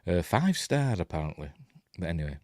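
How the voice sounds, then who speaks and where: Rambling Yorkshire man, lively low voice. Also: fairly quick, dry recording, clean studio sound. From England. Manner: rambling, self-correcting, chuckling asides. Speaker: film reviewer. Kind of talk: casual film commentary.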